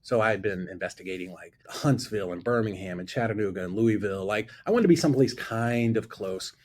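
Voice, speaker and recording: Man, low husky voice, animated storyteller, acts out dialogue. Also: fast. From Florida. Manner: lively storyteller who acts out both sides of dialogue. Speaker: guest investor telling a story. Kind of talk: animated anecdote on a talk show.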